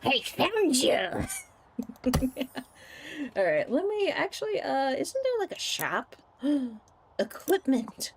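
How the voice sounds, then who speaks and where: A woman streaming a game chats casually, giggling, teasing and laughing often. Her high voice swoops wildly in pitch, and she speaks slowly with frequent pauses.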